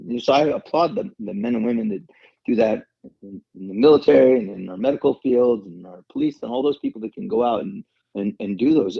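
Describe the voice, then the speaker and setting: A middle-aged man, an actor, telling an emotional story in an interview, earnest and halting, with many restarts. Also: medium pitch, huge pitch swings, creaky, husky, dry recording. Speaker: actor guest. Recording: dull lo-fi sound.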